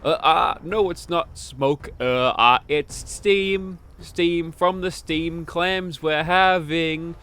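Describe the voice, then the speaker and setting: A man's voice: on the high side, slow, hardly any pauses, a bit bright, clean tone. A man voicing a flustered middle-aged male school principal who stammers nervously while covering up a lie, reenacting a cartoon scene.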